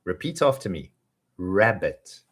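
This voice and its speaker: A man teaching English pronunciation, leading slow repeat-after-me drills and chuckling between tongue twisters. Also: low-pitched, very animated, slightly rough.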